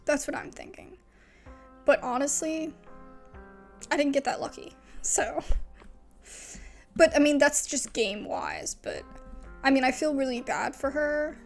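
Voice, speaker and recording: A woman's voice: high-pitched, sing-song, unhurried, creaky, long pauses, soft background music. A young woman casually commenting on a story game as she plays, thinking aloud and often second-guessing herself. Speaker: gamer playing a story game.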